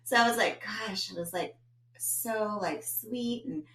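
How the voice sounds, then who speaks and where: A woman's voice: mid-range voice, a little slow, echoey room, recorded from a distance. A woman co-hosting a podcast, chatting casually and acting out scenes from family life as she tells stories. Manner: animated storyteller, acts out family scenes. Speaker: podcast co-host. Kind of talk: casual chat.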